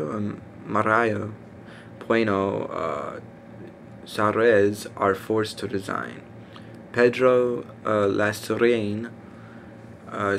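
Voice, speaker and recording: A man reading a list aloud in a casual, halting way, stumbling over names with fillers and self-corrections. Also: fairly low pitch, creaky. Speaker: reader. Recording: faint background noise.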